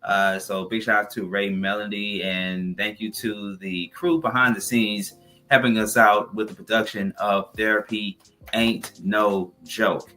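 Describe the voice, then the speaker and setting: A man's voice: lowish voice, level tone, a little slow. A man hosting a community TV talk show, asking questions and running through upbeat plugs and thank-yous. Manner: upbeat sign-off with repeated plugs. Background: soft music bed.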